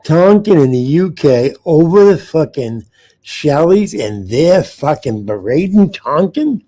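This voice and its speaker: A man's voice: a little high, very animated, takes it slowly. A man hosting a live uncensored show, ranting with heavy swearing and calling out to viewers in the chat. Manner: loud, profane, talks straight to the chat. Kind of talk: profane live-stream rant.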